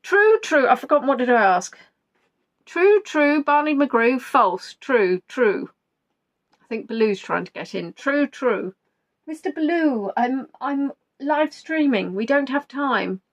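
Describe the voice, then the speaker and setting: Woman, quiz host, live stream from home, playful, rambling, very lively pitch, slightly high voice. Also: measured pace, dull audio. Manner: playful, rambling, jokey asides, reading out viewers' answers.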